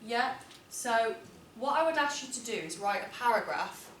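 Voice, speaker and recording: A woman leads a classroom writing lesson. She speaks clearly and deliberately and leans on key words when she reads examples aloud. Her voice carries from a distance in an echoey room, with a faint hum of room noise behind it. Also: a little high, lively intonation, fairly bright tone. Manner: clear, deliberate, emphatic reading of model texts. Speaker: English teacher.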